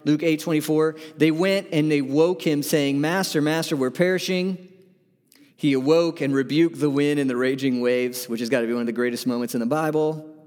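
A male pastor delivers an earnest sermon, pressing his listeners with repeated questions. His voice sits a little high for a man. A long hall reverb trails behind his words. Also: steady tone, a little fast, a little mellow. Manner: earnest, emphatic preaching with rhetorical questions.

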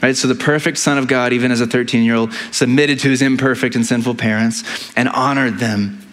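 A man preaching to his congregation in an easygoing, conversational sermon. His pitch sits in the middle of the range. He stumbles and restarts often, leans on filler sounds, and keeps checking in with the listeners through quick tag questions. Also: fairly even intonation, a bit bright. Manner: halting delivery with many fillers and restarts. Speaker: pastor.

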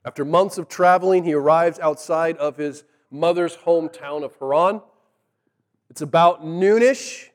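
High-voiced preacher in a reverberant hall. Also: male voice. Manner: animated, acts out the characters' lines in lively voices; casual, conversational retelling. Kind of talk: sermon storytelling.

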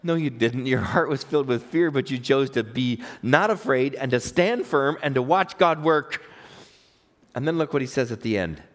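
A man preaching a sermon, swinging between emphatic, raised exhortation and quiet personal storytelling. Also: medium pitch, moderate pace. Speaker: pastor.

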